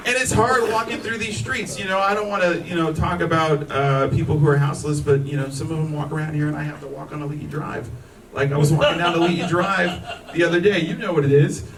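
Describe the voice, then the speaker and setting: High-voiced man doing stand-up in a hall. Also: fairly even intonation, fast talker, crowd noise. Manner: joking, indignant, swears freely. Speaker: stand-up comedian. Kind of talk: stand-up set. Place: lodge hall with live audience. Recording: roomy hall, mic from far off, audience laughing.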